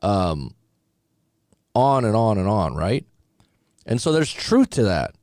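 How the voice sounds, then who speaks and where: A man, a relationship coach, giving casual commentary on clips, animated and chatty with quoted asides. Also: on the low side, slow, dry recording, studio quality.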